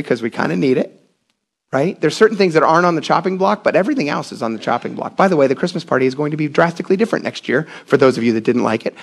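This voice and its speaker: High-voiced preaching pastor, fervent. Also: male voice, vocal fry. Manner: conversational and emphatic, rising to passionate shouts. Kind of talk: sermon.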